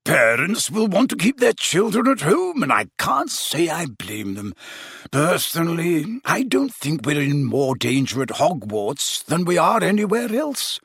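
A man's voice: fairly high pitch, big pitch swings, measured pace, a bit bright, slightly rough, no room sound, clean studio sound, voice pushed up, full character voice. A man doing a fretful older male professor. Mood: shaken. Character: plump shaken older male potions teacher.

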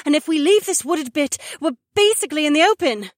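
Storybook: man putting on a worried young woman, high falsetto voice, dry close sound. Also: lively intonation, brisk, dry recording. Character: young women companions, Heywan and Becca, anxious. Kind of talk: audiobook narration.

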